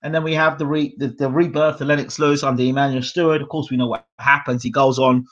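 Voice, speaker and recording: A man's voice: mid-range voice, little pitch movement, fast talker. A man in his forties hosting a boxing channel, telling casual stories and acting out his dad's voice in the quoted lines. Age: 40s. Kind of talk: casual storytelling monologue. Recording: dull lo-fi sound.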